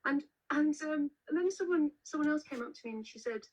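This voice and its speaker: A woman's voice: sits high, animated, brisk, a little mellow, highs cut off. A woman author being interviewed over a video call, telling stories in a chatty way with many restarts and fillers. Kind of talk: casual interview chat.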